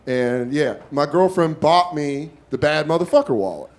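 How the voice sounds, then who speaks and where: High, lively male stand-up comedian. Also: normal speed. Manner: animated, self-mocking, acting out scenes.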